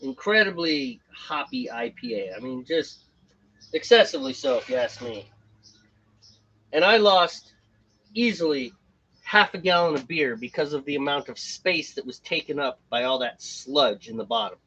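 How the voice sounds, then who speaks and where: A man's voice: medium pitch, animated, normal speed, bright, forceful tone, breathy edge, lo-fi sound. A man co-hosting a homebrew stream, chatting casually and joking while he brews. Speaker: homebrew show co-host. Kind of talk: casual chat while brewing on a live stream.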